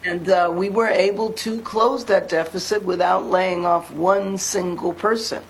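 An older woman speaking as a city mayor, guest on a casual interview, confident and measured with frequent fillers. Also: on the low side, fairly even intonation, a little hiss or hum, rough recording.

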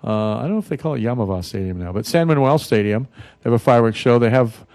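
A man's voice: medium pitch, animated, fast talker, a little mellow, no echo. A man hosting a casual radio talk show, rambling in a folksy way with many fillers and restarts. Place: radio studio.

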